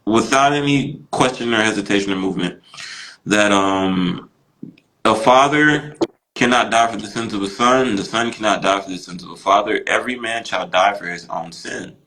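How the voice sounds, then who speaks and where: Bright-voiced man telling a lively story. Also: moderate pace, poor audio. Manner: animated, acts out quoted voices with big pitch jumps; frequent fillers like "you know" and "right". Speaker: podcast guest. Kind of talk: casual storytelling.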